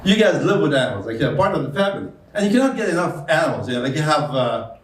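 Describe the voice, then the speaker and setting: Stand-up comic, man, rambling and chatty, slightly high voice, echoing room. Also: sing-song, very fast. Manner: rambling, chatty, laughs at his own jokes. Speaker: stand-up comedian. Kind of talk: stand-up comedy set. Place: comedy stage before a live audience. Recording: roomy sound from a distance with faint noise.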